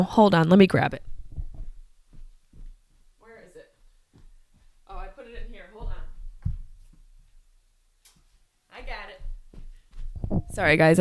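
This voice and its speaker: A woman's voice: on the low side, no room sound, studio quality. A woman in her thirties telling a personal story as a podcast host, candid, emotional and full of swearing. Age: 30s.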